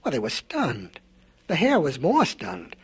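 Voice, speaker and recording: Brief: male storybook narrator, folksy and meandering, high husky voice. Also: wildly swooping pitch, a little slow.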